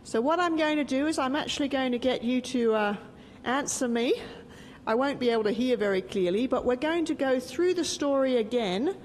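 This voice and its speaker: A woman's voice: high-pitched, normal speed. A middle-aged woman teaching a Bible lesson as a story and quizzing her group so they fill in the blanks. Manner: lively, asks the group questions and waits for answers. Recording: reverberant hall with faint background noise.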